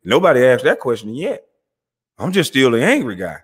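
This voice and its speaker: A man's voice: mid-range voice, very animated, moderate pace, slightly rough. Man ranting confrontationally at critics. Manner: confrontational, mocking, calls listeners out directly; street slang, repeats himself. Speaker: channel host. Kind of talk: heated ranting monologue.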